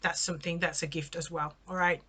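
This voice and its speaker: A woman's voice: lowish voice, little pitch movement, fairly quick, sharp tone, a little hiss or hum. A woman giving a casual spoken tarot reading, chatty and exclamatory, often checking in with the listener. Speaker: tarot reader.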